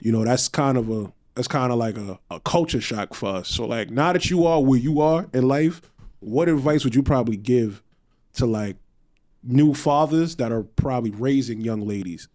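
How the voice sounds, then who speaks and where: A man on a casual podcast, asking questions in a relaxed way with street slang. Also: mid-range voice, normal speed. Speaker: podcast guest.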